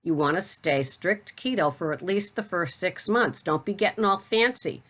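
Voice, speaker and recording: A woman's voice: on the low side, animated, moderate pace, fairly bright tone. A middle-aged woman with a Boston accent, chatting casually and bluntly to camera about the food she buys. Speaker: keto vlogger. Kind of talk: casual product talk to camera.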